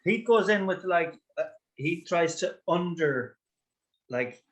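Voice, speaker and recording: A man's voice: on the high side, lively intonation, slow pace. A man co-hosting a podcast in casual chat, explaining things by paraphrasing what others say. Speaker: podcast co-host.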